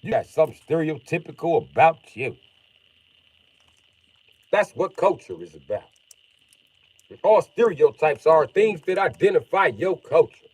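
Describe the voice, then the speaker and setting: Husky, lively-voiced male streamer. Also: a little high, unhurried, long pauses, no room sound. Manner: profane, rambling, reacts to chat. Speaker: live streamer. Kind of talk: casual livestream rant.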